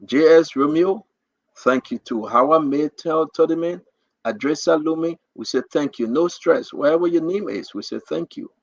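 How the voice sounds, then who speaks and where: A man's voice: fairly high pitch, moderate pace, no room sound, lo-fi sound. A man with a Liberian accent hosting a livestream, giving an impassioned political address to his online viewers with rousing, repetitive rallying cries. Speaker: livestream host.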